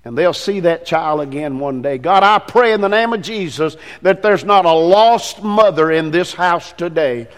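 An older man preaches with fervor, his fairly high voice swinging between quiet, intimate passages and ringing declarations. The sound carries the long reverb of a big church sanctuary. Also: animated, moderate pace, hardly any pauses. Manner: fervent preaching, rising and falling between hushed and loud. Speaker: pastor. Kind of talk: sermon.

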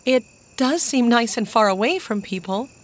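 A woman's voice: a little high, lively intonation, normal speed. A woman voicing an earnest young girl.

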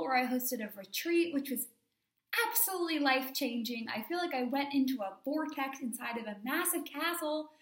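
A woman's voice: high-pitched, roomy sound. A young adult woman hosting her own podcast as a business coach, chatting casually and gushing, with lots of "like" fillers. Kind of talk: casual solo podcast chat.

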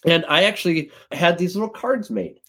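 A man with a slightly husky voice pitched a little above the usual, talking as a podcast guest. He tells stories casually and with energy, his pitch leaping upward whenever he gets excited. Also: moderate pace. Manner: lively, jumps up in pitch when excited. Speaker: guest, sales director.

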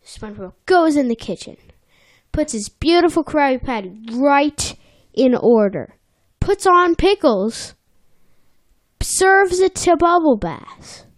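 Slow, playful woman podcast co-host. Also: sits high, animated. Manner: playful, acts out characters in bursts. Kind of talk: casual recap chat. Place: small office.

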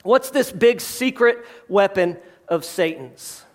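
High-voiced animated man preaching. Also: slow pace. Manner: animated storytelling with jokes and acted-out quotes. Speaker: pastor. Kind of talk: sermon. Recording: live address to a congregation.

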